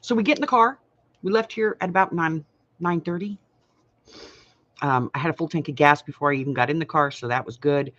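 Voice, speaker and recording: A woman's voice: low-pitched, fairly quick, pauses often, fairly bright tone. Chatty older woman hosting a craft stream. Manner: rambling, chatty storyteller greeting viewers by name. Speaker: crafting livestream host. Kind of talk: casual chat. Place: home. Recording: slightly muffled home livestream audio.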